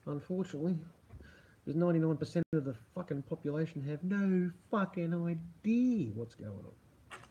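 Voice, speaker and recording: A man's voice: on the high side, animated, moderate pace, warm tone, lo-fi sound, a little hiss or hum. A middle-aged man hosting a casual livestream and talking to his chat, rambling and profane, laughing often and sarcastic. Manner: sarcastic about media. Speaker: livestream host reading chat.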